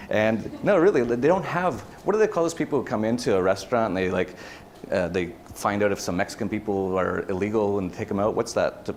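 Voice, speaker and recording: A man's voice: fairly low pitch, moderate pace, slight background noise. Chatty man telling stories on stage. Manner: animated storytelling with many fillers and restarts. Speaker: conference speaker. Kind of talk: casual conference talk. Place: event hall.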